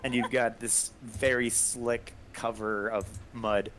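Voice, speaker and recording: A man's voice: medium pitch, little pitch movement, slow pace, heavy background noise. A man narrating a tabletop game as game master, describing the action in a loose, chuckling way.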